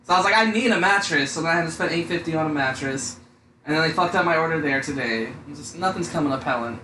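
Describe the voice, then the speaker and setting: A man's voice: on the high side, fast talker, bright, forceful tone. A young man chatting casually as a podcast co-host, rambling and swearing a lot, often saying "dude". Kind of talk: casual profane chat. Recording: echoey room with faint noise.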